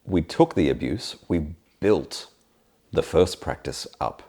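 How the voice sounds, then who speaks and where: Host, man, extremely low and mellow, short interjections. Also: lively intonation, slow. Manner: chimes in briefly, explains terms. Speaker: podcast host. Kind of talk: casual conversation.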